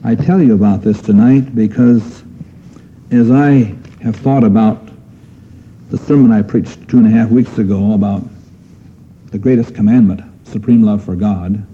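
A man's voice: lowish voice, moderate pace, warm tone, slight background noise. A man preaching a sermon in an earnest manner, asking his listeners questions and pressing on key phrases. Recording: dull lo-fi sermon recording.

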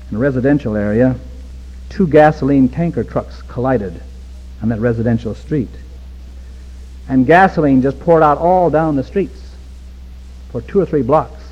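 A man preaching a sermon with passion, swinging from hushed pleading to near-shouting. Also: mid-range voice. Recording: dull recording with long hall reverb.

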